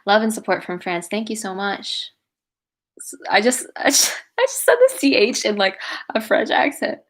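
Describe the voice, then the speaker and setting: A woman's voice: medium pitch, huge pitch swings, normal speed. A young woman hosting a casual livestream, reading out viewer comments and chatting in a gushing, chatty way. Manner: chatty and gushing, many "like"s and "oh my God"s. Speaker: livestream host and cover singer.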